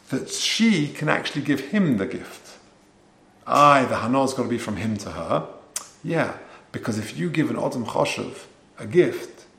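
A man's voice: medium pitch, gravelly, fairly bright tone, roomy sound. A man giving a Torah class, translating each phrase into as he goes and often restarting his sentences. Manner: explains each Hebrew phrase in English, with frequent restarts. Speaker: Torah teacher.

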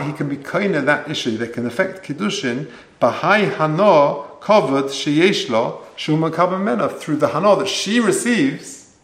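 A man's voice: on the high side, roomy sound. A man giving a Torah class, translating each phrase into as he goes and often restarting his sentences. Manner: explains each Hebrew phrase in English, with frequent restarts. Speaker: Torah teacher.

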